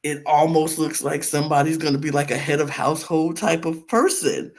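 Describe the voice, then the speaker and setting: A man's voice: brisk, gravelly. A man co-hosting a podcast, chatting casually about a reality show and acting out quotes with big swings and laughs. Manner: animated, acts out quotes with big pitch jumps and laughs. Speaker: podcast co-host. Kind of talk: casual reality TV recap chat.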